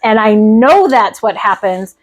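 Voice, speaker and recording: A woman teacher leading a class discussion in a brisk, joking way. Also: medium pitch, lively intonation.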